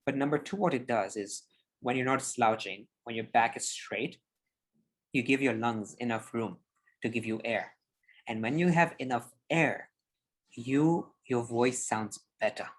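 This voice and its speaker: A man giving public speaking tips on a podcast over a video call, explaining in an animated, demonstrative way. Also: medium pitch, unhurried, slightly rough. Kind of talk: instructive podcast conversation.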